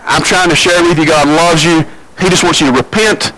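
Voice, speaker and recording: A man's voice: fairly high pitch, steady tone, a little fast, pushed and bright, rough recording. A man voicing the prophet Elijah in a sermon retelling, speaking in a plain, preacherly way. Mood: pleading. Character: the prophet Elijah, pleading then mocking.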